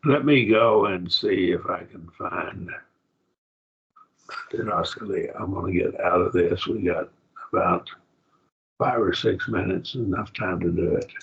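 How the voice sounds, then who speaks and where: A man teaching a Greek grammar class, explaining words slowly and checking in with his students. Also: sits low, gravelly, a bit bright. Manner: slow, explanatory, repeats words and checks with "okay?" and "see?". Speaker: Bible college Greek teacher. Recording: dull lo-fi classroom recording.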